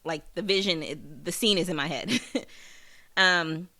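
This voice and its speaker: A woman's voice: fairly low pitch, unhurried, pushed and bright. A woman hosting a podcast, recapping a TV episode in a casual, rambling way with many fillers and restarts, and swearing for emphasis. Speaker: podcast host.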